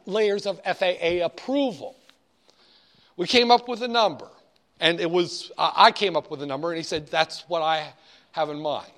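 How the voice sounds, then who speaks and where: A man's voice: high voice, a bit bright. A man teaching a class, speaking in a conversational, digressive storytelling manner. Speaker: instructor. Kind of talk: storytelling lecture.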